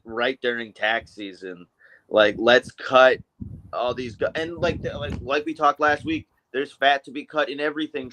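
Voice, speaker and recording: A man talking casually on a weekly stream, his pitch sitting in an ordinary middle range. He rambles, stops, and restarts his sentences, filling the gaps with ums and likes. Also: sharp tone, rough recording. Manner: rambling, halting, many fillers and restarts. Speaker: co-host. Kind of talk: casual political chat.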